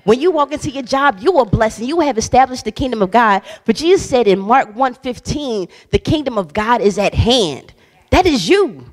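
A woman's voice: a little high, animated, normal speed. A woman guest minister giving a casual, conversational sermon, emphatic and bold, with slang and frequent laughter. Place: church hall. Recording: long church hall reverb.

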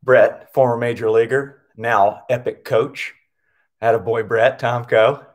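A man's voice: medium pitch, steady tone, a little slow. Upbeat man coaching a live PE class. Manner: upbeat, calls out names and counts reps. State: out of breath.

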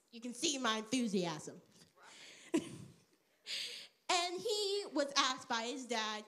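Brief: woman children's church teacher, high bright voice, playful and teasing, quizzes the kids. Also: very animated, slow, pauses often. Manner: playful, dryly sarcastic asides, asks kids questions. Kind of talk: interactive Bible lesson for children.

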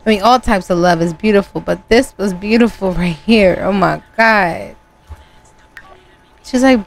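A woman's voice: mid-range voice, measured pace, gravelly. A young woman giving casual gameplay commentary, emotional and exclamatory. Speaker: gameplay host.

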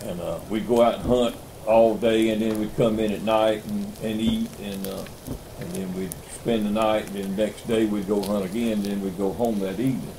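A man's voice: on the low side, steady tone, normal speed, background noise. Older man, South Carolina accent, folksy rambling storyteller, chuckles between lines. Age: 70s. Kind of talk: casual storytelling.

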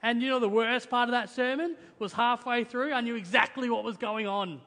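A man's voice: very high-pitched, fairly even intonation, brisk, pushed and bright. A young man, preaching a sermon as pastor, earnest and emphatic, often checking in with "right?". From Australia. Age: young adult. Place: church hall, in front of a congregation. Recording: reverberant church hall.

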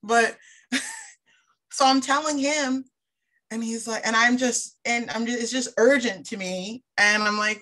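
Animated woman telling a church testimony. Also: on the high side, takes it slowly. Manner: animated storyteller who acts out dialogue; emphatic, repeats phrases for stress. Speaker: church speaker sharing a testimony. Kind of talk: personal testimony in a sermon.

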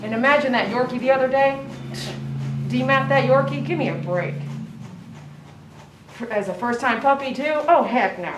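Woman, dog groomer, chatty commentary, soft cooing asides, echoey salon, mic set back. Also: high voice, moderate pace, long pauses, a little hiss or hum. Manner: chatty, coos softly to the dog. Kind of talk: casual running commentary while grooming. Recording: echoey room, mic at a distance.

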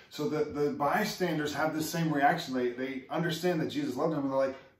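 A man's voice: on the high side, fairly even intonation, brisk, few pauses. A man preaching a sermon as pastor, in an earnest, conversational way and putting questions to his listeners. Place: church sanctuary. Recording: echoey room, mic far off.

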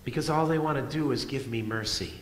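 A middle-aged man preaching a sermon as pastor, moving between loud emphatic lines and soft hushed ones. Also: mid-range voice, fairly quick, slight background noise. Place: church sanctuary. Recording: echoey church hall.

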